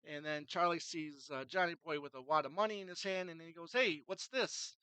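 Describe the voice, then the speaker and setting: A man's voice: a little high, quick pace, sharp tone, clear, resonant tone, no room sound, low-quality recording. A man casually reviewing a film, retelling its scenes in a rambling way with many fillers and restarts.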